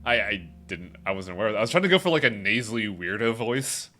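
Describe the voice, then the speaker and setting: A man streaming a video game live, chatting casually in a dry, deadpan way. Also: lowish voice, quick pace.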